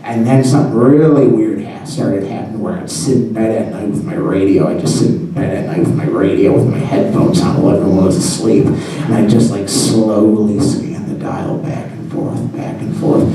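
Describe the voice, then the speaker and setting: A man's voice: lowish voice, moderate pace, dark tone, far from the mic. A man telling a personal story on stage, rambling and self-deprecating, full of fillers. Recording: roomy hall heard from afar.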